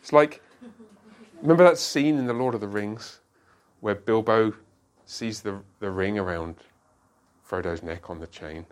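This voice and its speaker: A man teaching an interactive Bible study, asking the group questions and explaining with quick asides. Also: lowish voice.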